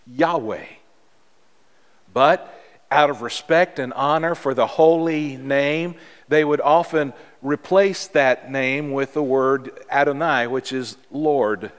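A man preaching a sermon as pastor, in a measured, earnest way with emphatic pauses. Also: medium pitch. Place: church sanctuary. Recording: long reverb of a large hall.

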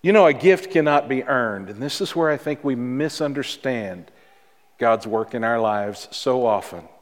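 A man pastor preaching a sermon in a church, with dramatic pauses and repeated words for emphasis. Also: mid-range voice, animated, big-room sound. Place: church sanctuary.

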